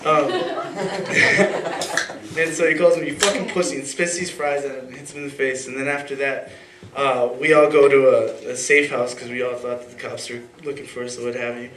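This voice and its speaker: A man's voice: mid-range voice, fairly even intonation, a little fast, background noise. A young man telling a personal story live on stage at a story slam, casual and rambling, full of fillers and restarts. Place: live event venue with audience. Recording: echoey room with faint ambience.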